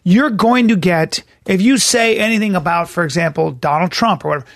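A comedian talking in a blunt, casual podcast chat, repeating words and swearing. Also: male voice, high-pitched, a little fast, gravelly, fairly bright tone, no room sound, studio quality. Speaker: comedian guest.

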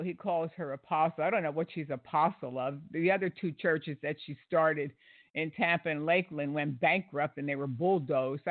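A man with a fairly high voice picks apart a preacher's fundraising, sarcastic and indignant, full of "uh" and restarts. His audio is dry and thin, like a phone line. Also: no echo. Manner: indignant and sarcastic, with many fillers. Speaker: commentator. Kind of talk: critical commentary on a sermon clip.

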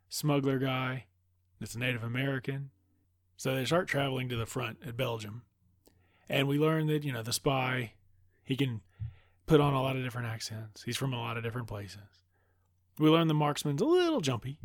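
A man recaps a film in a loose, profane, excited way. His voice sits at an average pitch. The sound is dry, with no room echo. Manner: loose, profane, enthusiastic retelling.

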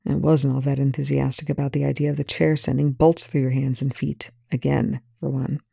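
A reader voicing a gruff male military colonel in a fan fiction reading, quiet and hesitant, with a lowered voice. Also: little pitch movement, a little fast, dry recording, studio quality.

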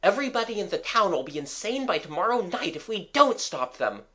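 A reader voicing a bossy, quick-thinking schoolboy giving brisk orders. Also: mid-range voice, very animated, fairly bright tone, voice pushed up. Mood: urgent. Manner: brisk, commanding.

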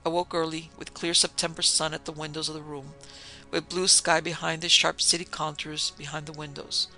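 Male audiobook narrator, steady measured reading, gravelly, very bright tone. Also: a little high, soft background music, rough recording. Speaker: audiobook reader. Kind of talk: scripted narration.

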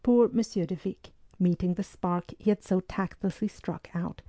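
A woman narrating a historical novel aloud, reading in a measured, even way and giving the dialogue soft voices. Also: fairly low pitch, no room sound. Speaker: audiobook narrator.

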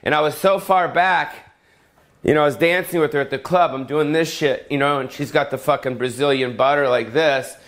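A man's voice: a little high, normal speed, fairly bright tone. A middle-aged male comedian ranting alone, profane and rambling, full of fillers and tangents. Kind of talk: solo comedic rant.

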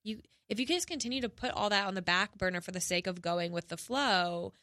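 Candid young woman, bright dry voice. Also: mid-range voice, expressive, brisk, no echo. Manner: emotional, candid storytelling with many fillers. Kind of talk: casual chat.

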